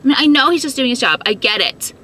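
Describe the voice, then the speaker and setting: A woman's voice: high-pitched, lively intonation, fast, sharp tone. Agitated woman venting to camera. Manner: upset, swearing, full of 'like'. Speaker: vlogger. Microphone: phone held while filming.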